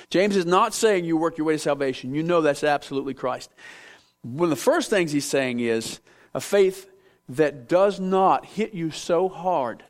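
A middle-aged man preaching a sermon, telling stories with self-mocking humor. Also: fairly high pitch. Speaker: pastor.

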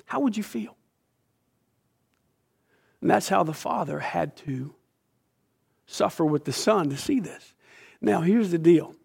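A middle-aged male preacher delivers a sermon to his congregation in a somewhat high voice. His delivery is dramatic and impassioned, dropping to near hushes and then rising sharply in force. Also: creaky. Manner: impassioned, dramatic delivery with sudden swings in loudness.

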